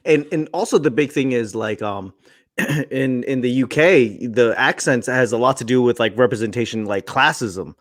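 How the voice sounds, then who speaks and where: A man's voice: medium pitch, normal speed, no room sound, clean studio sound. A man co-hosting a comedy podcast, talking in a rambling, profane way with lots of stumbling restarts. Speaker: podcast co-host. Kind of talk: casual comedic chat.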